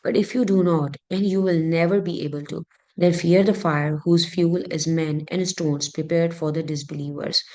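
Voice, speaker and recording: A woman's voice: sits low, steady tone, normal speed, a little mellow. A woman teaching an online grammar lesson, speaking hesitantly with many fillers and restarts.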